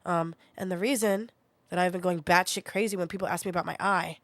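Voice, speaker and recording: Sick with a sore throat, a young woman streamer with a higher-pitched voice chats casually, recorded with no echo. She's blunt, vents readily, and swears plenty.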